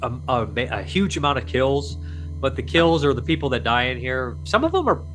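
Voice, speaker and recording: A man's voice: medium pitch, very animated, a little fast, fairly bright tone, soft background music, rough recording. Chatty male host quizzing a guest. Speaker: podcast host. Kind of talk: casual conversation.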